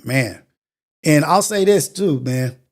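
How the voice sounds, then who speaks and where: High-voiced man preaching on a morning show. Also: lively intonation, takes it slowly. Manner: earnest, preachy, repetitive phrasing. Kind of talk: motivational monologue.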